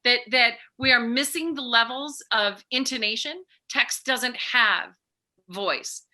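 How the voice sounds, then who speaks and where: A middle-aged woman chatting as a podcast guest, with a very bright, ringing voice pitched a little high. She talks animatedly and slips into acted-out snippets of conversation. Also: slow pace. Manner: animated, acts out remembered dialogue. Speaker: guest, author and peace educator.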